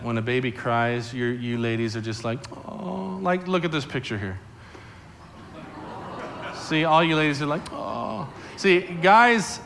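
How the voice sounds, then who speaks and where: A male pastor preaching a lively sermon in a church sanctuary, telling the story with acted-out voices and questions aimed at the kids. His voice is bright and forceful, sitting a bit high for a man. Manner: animated storyteller acting out voices, addressing kids. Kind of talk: sermon to a family congregation.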